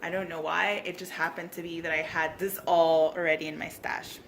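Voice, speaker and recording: A woman vlogging a casual craft tutorial, gushing and bubbly, at times dropping to soft whispers. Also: lowish voice, flat delivery, a little fast, vocal fry, slight background noise.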